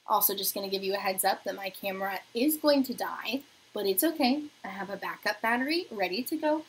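Young woman, casual beauty livestream host, animated delivery, reads comments aloud, soft asides. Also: mid-range voice, a little fast, slightly rough, poor audio. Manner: chatty, reads viewer comments aloud, often drops to a soft murmur. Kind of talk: casual livestream chat while doing makeup. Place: home apartment.

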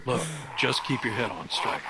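An actor playing a gruff, grizzled uncle who leads a band of survivors in a game, blunt and commanding. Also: male voice, fairly low pitch, expressive, moderate pace, very noisy. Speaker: video game character. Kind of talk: game dialogue.

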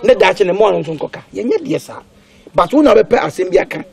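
A man's voice: high-pitched, very animated, fast talker, creaky, exaggerated voice. An actor playing a stern man who lectures his family in a film drama. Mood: lecturing.

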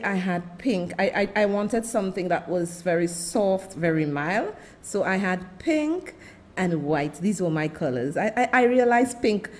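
A woman's voice: mid-range voice, a little mellow. A woman in her fifties from Saint Lucia with a Saint Lucian accent, hosting a show in casual live chat and calling out her viewers one by one with terms like darling. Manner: chatty, calls viewers darling and names them one by one. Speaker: show host. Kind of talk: casual livestream chat with viewer shout-outs.

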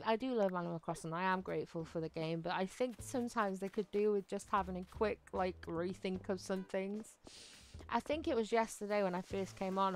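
A woman streaming a video game live, chatting casually and giggling as she talks straight to her viewers. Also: medium pitch. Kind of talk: casual live-stream chat while playing.

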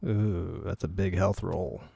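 A gameplay streamer thinks aloud and mutters casual commentary as he plays a video game, swearing at setbacks. His low, gravelly voice is mellow and fairly even, and he speaks slowly.

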